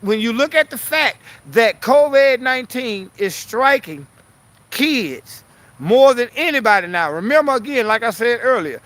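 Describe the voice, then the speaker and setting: Profane, sharp-voiced ranting male vlogger. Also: extremely high pitch, lively intonation, unhurried, no echo. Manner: blunt, profane, challenging, repeats himself. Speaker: political commentary vlogger. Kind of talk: casual ranting commentary.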